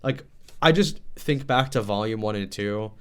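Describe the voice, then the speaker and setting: A man in casual chat as a manga discussion co-host, enthusiastic and quick to laugh. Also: fairly low pitch, fairly bright tone, clean tone. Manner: enthusiastic, laughing, acts out quotes.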